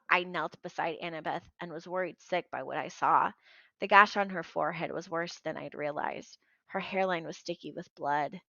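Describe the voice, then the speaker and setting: A woman reading a novel aloud with a bright, clear tone and lively storytelling. The recording is dry and close, with a slightly dull, muffled top end. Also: fairly low pitch, no room sound. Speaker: audiobook reader.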